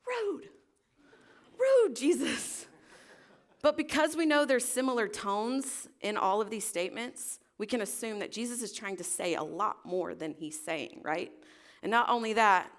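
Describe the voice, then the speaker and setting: A woman preaches a relaxed, conversational sermon to her congregation. She is chatty and self-deprecating and tosses questions out to the room as she goes. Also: medium pitch. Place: church service.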